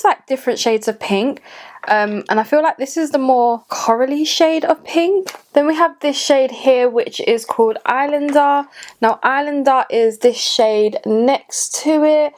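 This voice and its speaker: A woman in her late twenties chatting casually through a makeup tutorial, gushing and talking to herself as she goes. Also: a little high. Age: late 20s. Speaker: beauty vlogger. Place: home room at a cluttered desk.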